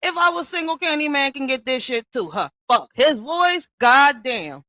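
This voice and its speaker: A woman in a heated response rant, blunt and full of swearing. Her voice is bright and forceful, and she keeps tagging lines with "all right?". It is recorded close and dry, with no room sound. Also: animated, moderate pace, no echo, rough recording. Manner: swings from low and quiet to loud and high. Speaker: online commentator responding to another creator.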